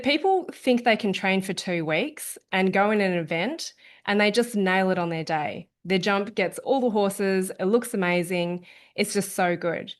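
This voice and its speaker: A woman coach talking casually to an online audience, chatty, often checking in with "okay?". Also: on the low side. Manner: chatty, frequent "okay?", lively quoting of herself. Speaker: wellness coach presenting an online event.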